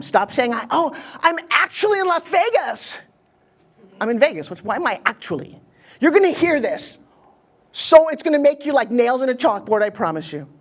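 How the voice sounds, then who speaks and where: A middle-aged American woman giving a live motivational seminar on pitching to an audience, blunt and punchy in delivery. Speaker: motivational speaker teaching pitching.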